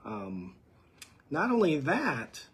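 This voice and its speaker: A man telling his side of a story about his ex-wife in a halting way, with fillers and restarts. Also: fairly high pitch, huge pitch swings, noisy background. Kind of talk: recorded personal story.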